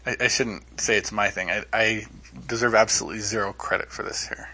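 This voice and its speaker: A man co-hosting a podcast in casual chat, eager and quick to laugh. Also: on the low side, fairly even intonation, pushed and bright, a little hiss or hum. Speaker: podcast co-host.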